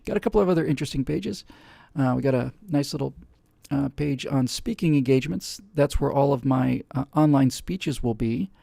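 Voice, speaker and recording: A man's voice: mid-range voice, vocal fry, warm tone, no room sound, clean studio sound. A man hosting a live webcast, talking casually and rambling with many fillers and restarts. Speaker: host.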